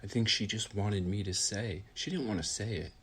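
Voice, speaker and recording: A grieving man giving a heartfelt personal account, halting and full of restarts, sometimes dropping to a soft whisper. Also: lowish voice, husky. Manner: halting, with many pauses and restarts; drops to a soft whisper at times. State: grieving, voice heavy with emotion.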